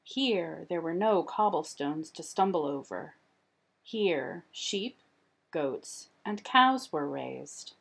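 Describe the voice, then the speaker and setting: A woman reading a children's picture book aloud as an expressive storyteller. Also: low-pitched, takes it slowly, gravelly, breathy edge. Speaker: storybook reader.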